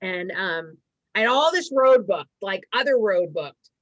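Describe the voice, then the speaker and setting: A middle-aged woman from Massachusetts, a stand-up comedian telling rambling stories with quick asides in a casual chat. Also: mid-range voice, lively intonation, dry recording. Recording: dry, slightly dull sound.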